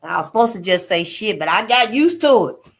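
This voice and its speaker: A woman's voice: medium pitch, animated, brisk. A woman hosting her own channel, talking straight to her listeners in a blunt, emphatic monologue, cussing freely and repeating points to drive them home. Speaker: channel host. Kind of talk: casual spoken commentary monologue.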